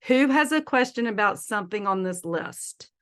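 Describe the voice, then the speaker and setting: A woman's voice: medium pitch, expressive, normal speed, fairly bright tone, clear, resonant tone. A woman teaching an online feng shui class in a chatty, playful way, laughing often. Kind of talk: casual online presentation. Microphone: video call.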